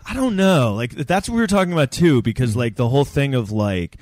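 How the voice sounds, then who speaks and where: A man's voice: medium pitch, expressive, fairly quick, darkish tone, no echo, clean studio sound. A man co-hosting a podcast, telling rambling, joking stories in casual chat. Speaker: podcast co-host.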